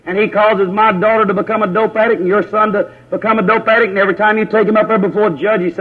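A man's voice: high-pitched, fairly even intonation, fast talker. A man preaching a fiery Pentecostal sermon in church, scolding and mocking as he goes. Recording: old dull lo-fi sermon tape.

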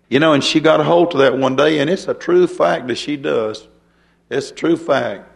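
A man's voice: a little high, moderate pace, gravelly. An older man preaching a folksy sermon, chuckling and turning to the congregation with asides.

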